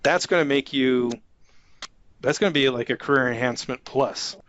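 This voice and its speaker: A man who manages an IT staff, talking informally about soft skills and acting out example conversations with a light chuckle. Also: mid-range voice, normal speed, lo-fi sound. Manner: conversational, acts out example dialogues, chuckles often. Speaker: IT manager giving career advice.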